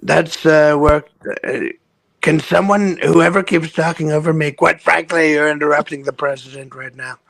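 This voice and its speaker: A gravelly, boastful president voice, rambling on and leaning on "quite frankly" at every turn, as a man puts it on for a stream prank. The tone sits fairly high and sharp, with a bright, forceful edge. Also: fairly even intonation, moderate pace, poor audio. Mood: pompous. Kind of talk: prank voice impression on a live stream.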